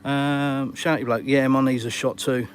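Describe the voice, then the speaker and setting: A middle-aged Englishman hosts a casual live Q&A out on a sunny balcony, faint ambient noise behind him. His middle-pitched voice is flat and unhurried as he speaks bluntly and teases viewers with jokey banter.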